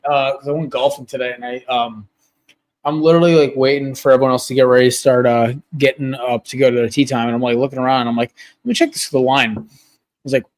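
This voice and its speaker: Guy co-hosting a sports podcast from home, rambly, lots of ums and likes, mid pitch. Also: little pitch movement, fast talker. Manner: rambling, lots of fillers and restarts. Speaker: podcast co-host. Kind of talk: casual sports chat. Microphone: home setup on a video call.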